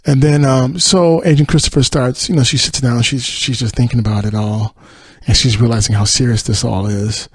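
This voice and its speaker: A man's voice: mid-range voice, steady tone, moderate pace, slightly rough, no echo. A man hosting a podcast, casually retelling a TV episode in a rambling way with many fillers. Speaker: podcast host.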